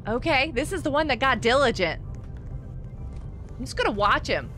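A woman hosting a live gaming stream, chatting excitably as she plays and reads out and thanks viewers from the chat. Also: high voice, normal speed, faint music behind.

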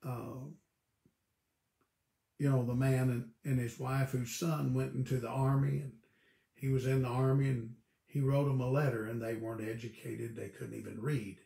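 A man, a pastor teaching a Bible study in a folksy, storytelling way with halting restarts. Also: medium pitch, little pitch movement, creaky, dark tone, reverberant.

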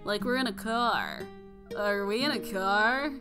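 A woman's voice: mid-range voice, animated, a little slow, lightly acted. A woman voicing a young boy in a hospital bed, loopy from medication, with a slurred, drunk-sounding drawl. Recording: music playing underneath.

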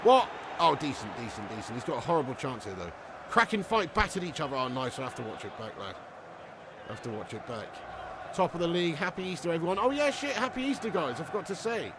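Give me an excitable man calling a game live for his stream, with plenty of background noise. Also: fairly high pitch, fast. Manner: excitable, yells at the game, chats to viewers. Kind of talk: live gaming stream commentary.

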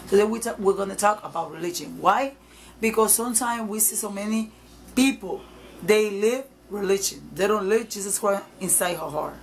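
A woman's voice: mid-range voice, slight background noise, low-quality recording. Emphatic woman evangelist preaching to camera. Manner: emphatic, repetitive, nonstandard English grammar.

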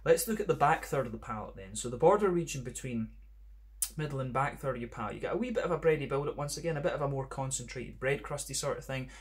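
A man's voice: medium pitch, animated, quick pace. Rambling Scottish man reviewing beer. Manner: rambling, meandering with many "kind of" and "sort of" fillers. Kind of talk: casual tasting review monologue.

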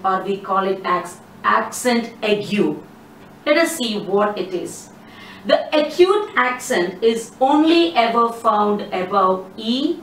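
Female language teacher, slow and methodical, set back from the mic. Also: medium pitch, recorded from a distance. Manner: slow, careful explaining with hesitant phrasing. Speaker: French teacher. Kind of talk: explanatory online lesson. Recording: echoey room, voice set back from the mic, faint background noise.

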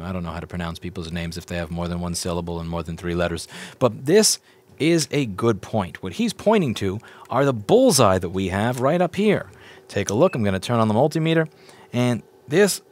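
A man's voice: low-pitched, animated, brisk, darkish tone. A man teaching board repair in a casual walkthrough, explaining step by step, repeating points and asking viewers questions as he goes.

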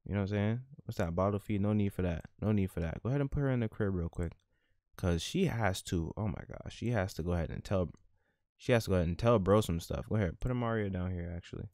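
Brief: male gaming host with a low voice, dry close mic, casual slangy commentary. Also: fast talker, dry recording. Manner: animated, slangy, laughs at his own jokes. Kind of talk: casual let's-play commentary.

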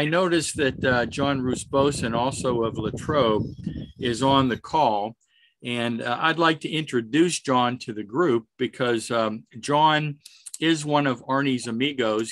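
Halting man hosting a video call. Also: medium pitch, a bit bright, poor audio. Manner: halting, many fillers. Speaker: host of the society call. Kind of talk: introducing a guest.

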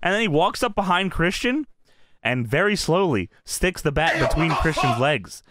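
A man co-hosting a podcast, excitedly recapping a wrestling show in casual chat, laughing often and swearing freely. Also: a little high, moderate pace, very noisy. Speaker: podcast co-host.

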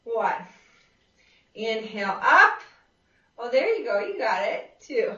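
A woman's voice: on the high side, very animated, takes it slowly, bright, forceful tone. A woman fitness instructor leading a live seated exercise class, upbeat and encouraging, calling out counts and cheering the group on. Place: exercise room with a class present. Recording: echoey room, far from a dull lo-fi mic.

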